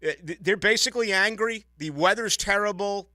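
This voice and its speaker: A man hosts a late-night sports radio show, ranting in a lively, opinionated way. His voice is very bright and a touch high for a man. The studio sound is close and dry. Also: fairly quick, no echo. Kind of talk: casual radio chat. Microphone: studio microphone.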